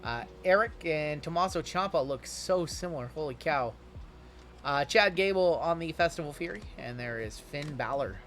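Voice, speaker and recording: Man, card break host, casual livestream chat, fielding viewer questions, slightly high voice, soft music behind. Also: expressive, moderate pace. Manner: chatty, answers viewer questions while opening packs.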